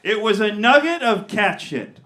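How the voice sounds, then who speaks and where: A man's voice: sits high, sing-song, a little slow, heavy background noise. A man performing a stand-up comedy set, telling a story with crowd work and acted-out voices in a comedy theater. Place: comedy theater with live audience.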